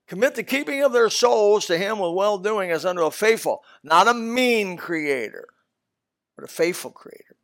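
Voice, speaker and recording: An older man, pitched a little high, preaching a sermon. He tells stories and jumps from loud shouts to near-whispered asides. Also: expressive, moderate pace. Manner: storytelling with loud bursts and sudden soft asides.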